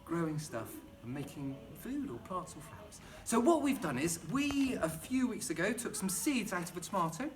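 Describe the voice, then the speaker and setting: A man's voice: sits high, big pitch swings, normal speed, hardly any pauses. Chatty, rambling middle-aged man. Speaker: gardening vlogger. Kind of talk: casual home gardening demonstration. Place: home kitchen.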